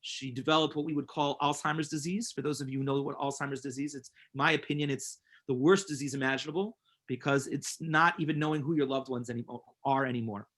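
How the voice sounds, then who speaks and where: A man's voice: mid-range voice, steady tone, fast, few pauses, a bit bright. A man teaching a class as a rabbi, earnest and emphatic, telling personal stories and repeating words for stress. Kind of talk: inspirational class with storytelling.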